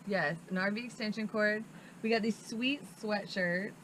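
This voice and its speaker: Bright-voiced bubbly young woman vlogging. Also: mid-range voice, normal speed, slight background noise, low-quality recording. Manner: bubbly, giggly. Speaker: vlog host. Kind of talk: casual chat. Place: outdoors at a fairground campsite.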